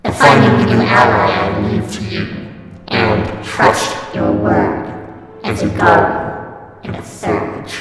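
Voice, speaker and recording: A man's voice: lowish voice, level tone. A man voicing a solemn echoing unicorn spirit. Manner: slow, grave, commanding. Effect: heavy reverb echo. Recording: echoey hall reverb over loud music. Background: loud music.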